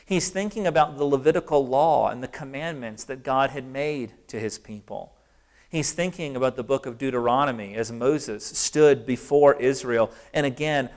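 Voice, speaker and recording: Male preacher, medium pitch, smooth resonant voice, earnest sermon delivery with slowed emphasis. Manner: earnest, emphatic preaching with slow stressed phrases.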